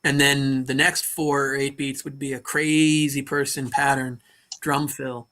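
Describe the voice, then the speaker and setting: A man's voice: mid-range voice, flat delivery, measured pace, sharp tone. A man chatting casually on a video call from his bedroom, thinking aloud and restarting his sentences. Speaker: modular synth hobbyist on a stream.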